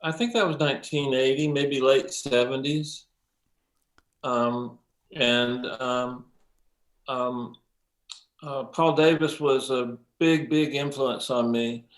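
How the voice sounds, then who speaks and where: An older man, a mix engineer as interview guest, telling stories in a lively way, acting out quotes, with many ums and some swearing. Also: medium pitch, takes it slowly, long pauses. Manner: animated storyteller, acts out quotes, frequent ums and profanity. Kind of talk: casual interview storytelling.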